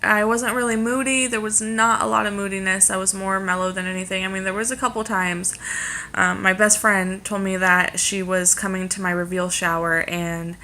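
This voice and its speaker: Young woman vlogger, bright voice, chatty and rambling, pregnant. Casual talk to camera. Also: medium pitch, steady tone, normal speed, a little hiss or hum.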